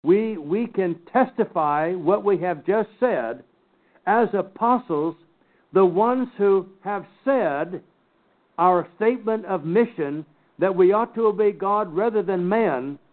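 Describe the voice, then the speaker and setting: An older man teaching a Bible class, slowly and emphatically picking apart scripture word by word. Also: sits high, lively intonation. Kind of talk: Bible study lecture. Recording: tinny phone-like recording.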